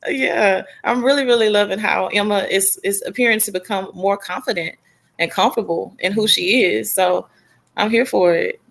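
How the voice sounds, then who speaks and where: A woman with a mid-pitched voice chats about a TV series in a loose, slangy way. She is lively and casual, and she often breaks into the characters' lines. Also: moderate pace, gravelly. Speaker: podcast co-host. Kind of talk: casual TV recap chat.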